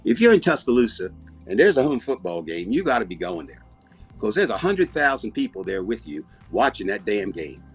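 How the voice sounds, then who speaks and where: A man with an Alabama Southern accent, hosting a comedy show and rambling deadpan through comic banter. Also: lowish voice, fairly quick, breathy edge, faint music behind. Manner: rambling, deadpan, self-interrupting.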